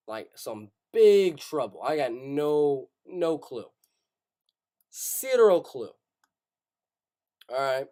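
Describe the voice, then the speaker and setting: A young man hosting a live stream, thinking aloud and often repeating himself as he stammers through ideas. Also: fairly high pitch. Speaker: host.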